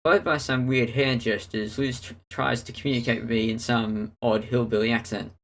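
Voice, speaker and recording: A man reading a visual novel aloud in a steady storytelling manner, narrating and speaking the hero's lines. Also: medium pitch, normal speed. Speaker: let's player.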